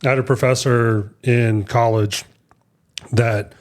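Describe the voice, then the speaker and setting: A man's voice: mid-range voice, steady tone, slow pace. Rambling man co-hosting a casual podcast. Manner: rambling storyteller, many fillers and restarts. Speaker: podcast co-host. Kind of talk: casual chat.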